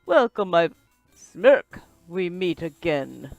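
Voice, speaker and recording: A vengeful male villain, put on by a woman reading an adventure game aloud. He speaks low and slow and sinks into a throaty whisper, menacing and pompous. Faint game music plays under the dry voice. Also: big pitch swings, creaky, a little mellow, dry recording, full character voice. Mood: suave.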